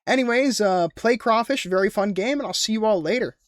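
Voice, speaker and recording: A man's voice: high-pitched, brisk, no echo, clean studio sound. A young man casually recapping his game sessions as a YouTuber, rambling in slangy, profane talk. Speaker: gaming YouTuber.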